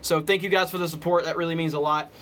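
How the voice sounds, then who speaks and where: A man's voice: a little high, steady tone, quick pace, a bit bright, slight background noise. A man hosting a casual live stream, chatting with his viewers and thanking them for their support. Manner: chatty, thanks viewers by name, thinks aloud. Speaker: host.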